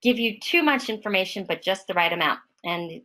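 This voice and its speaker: A woman giving an online software demonstration in a casual way, with many fillers and restarts, speaking over a web call. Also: medium pitch, expressive, fairly quick, rough recording. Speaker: product trainer.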